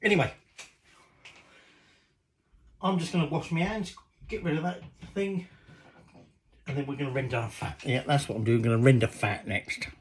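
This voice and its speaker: A man's voice: medium pitch, moderate pace, pauses often, reverberant, slight background noise, poor audio. A middle-aged man, rambling casually and swearing mildly as he cooks in his home kitchen. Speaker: cooking show host. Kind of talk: casual cooking vlog chat.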